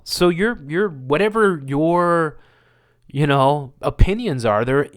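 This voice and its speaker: A man hosting his own channel, reading news items and ranting over them in a sarcastic, rambling way, laughing often. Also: a little high. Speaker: host.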